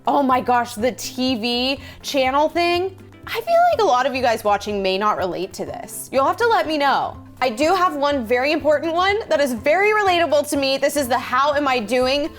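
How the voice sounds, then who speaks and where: A woman's voice: high voice, sing-song, normal speed, soft background music. A young woman hosting a reaction video, chatting casually and reminiscing, easily amazed by what she sees.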